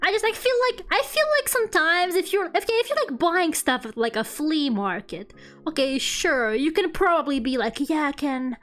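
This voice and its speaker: A young woman with a high, bright voice chats to her stream in an animated, rambling rant, swearing freely and laughing as she tells her story. Soft music plays quietly in the background. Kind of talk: casual chat rant. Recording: faint music behind.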